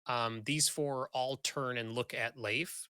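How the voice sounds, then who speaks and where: A man runs a tabletop game as game master, and his narration is halting and full of ums and restarts. His voice is medium-pitched and bright. The sound is dry and close. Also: fairly even intonation, clean tone, no room sound.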